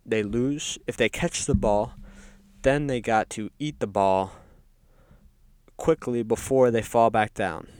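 A man delivering a rambling, deadpan comedic monologue as a resident of hell, full of ums and offhand asides. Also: lowish voice, smooth, dry recording, studio quality. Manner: rambling, deadpan, filler-heavy with frequent ums. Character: resident of hell describing its games. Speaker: comedic podcast host.

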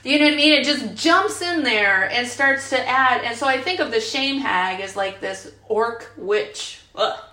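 Her voice is on the high side, bright and forceful, with lively intonation and an unhurried pace that leaves hardly any pauses. She's a woman in her fifties giving a frank, chatty, filler-heavy share at a recovery group retreat, recorded in a roomy meeting room with imperfect quality.

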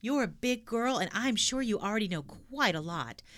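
Woman doing a kind gentle teacher. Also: fairly high pitch, lively intonation, moderate pace. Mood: kindly. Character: kind patient female schoolteacher.

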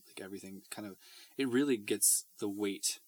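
A man co-hosting a casual chat from a small closet, quick to laugh and telling stories. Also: lowish voice, slightly rough. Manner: laughs easily, animated storytelling.

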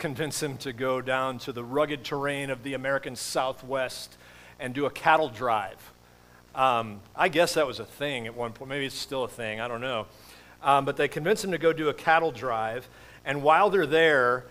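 A man's voice: mid-range voice, fairly bright tone. A middle-aged man giving a sermon as pastor, in a casual, rambling way with many fillers and restarts.

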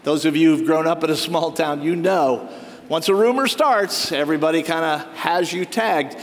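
A man's voice: fairly high pitch, moderate pace. A man preaching a sermon as pastor, telling stories and acting out the lines of quoted townspeople. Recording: long reverb of a hall.

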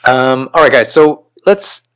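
A man's voice: mid-range voice, lively intonation, unhurried, fairly bright tone. Upbeat male podcast host. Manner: upbeat, hosting in a put-on radio voice. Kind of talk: casual podcast chat.

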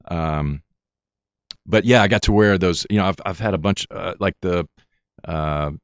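A middle-aged man with a very deep voice talks through his acting work in a relaxed interview, stumbling and restarting as he goes. The sound is dry and close, with a dull, muffled quality. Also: clear, resonant tone, no echo. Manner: halting, many restarts and fillers. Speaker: actor guest. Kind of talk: casual interview chat.

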